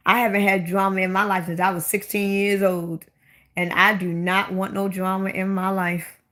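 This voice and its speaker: An over-25 woman with a Baltimore accent hosts her own livestream, chatting casually, bluntly and at length, often repeating her questions for emphasis. Her mid-range voice holds a level tone and a moderate pace, and it sounds fairly bright.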